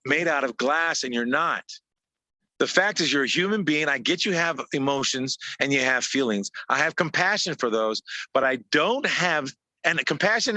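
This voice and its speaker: A man's voice: fairly high pitch, bright, forceful tone, no echo. A man coaching business owners in a motivational talk over a video call, emphatic and repetitive, stacking short punchy phrases.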